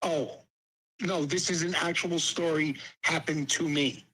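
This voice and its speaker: A man's voice: on the high side, fairly even intonation, a little slow, pushed and bright, rough recording. A man calling into a podcast, telling a story casually with plenty of swearing. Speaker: caller.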